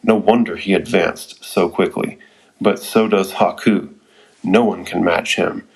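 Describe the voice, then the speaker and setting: Threatening adult ninja villain from a cartoon, boastful, low and steady voice, a man reading his lines aloud. He brags with cold confidence. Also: measured pace, slightly rough, full character voice, low-quality recording.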